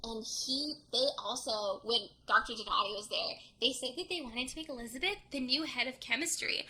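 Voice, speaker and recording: Young woman podcast host, bright high voice, chatty plot recap with quick character voices. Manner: retells the plot, acting out the characters' lines. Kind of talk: casual book recap chat.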